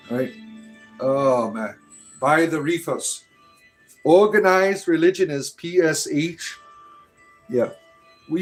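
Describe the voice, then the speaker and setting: A man from the United States hosting a casual livestream, reading chat aloud and rambling with frequent "right?" tags. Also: on the high side.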